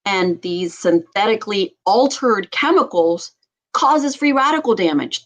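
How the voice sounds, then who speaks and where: A woman who is a doctor and hosts a health talk show, talking with animated passion and laughing often. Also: mid-range voice, measured pace, low-quality recording. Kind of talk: casual talk show chat.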